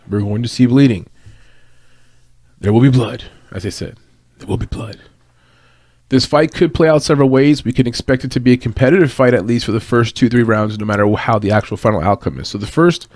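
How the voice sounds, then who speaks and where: A man talks through a fight breakdown in an easy, conversational way, drifting into tangents and restarting phrases. His voice sits at an ordinary middle pitch. The sound is dry and close, with no room around it. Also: no echo. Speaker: fight analyst.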